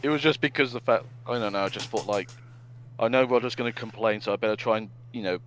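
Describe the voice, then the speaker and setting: A man's voice: medium pitch, fast talker, fairly bright tone, rough recording. A man co-hosting a podcast, chatting casually and often restarting his phrases. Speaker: podcast co-host. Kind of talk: casual chat.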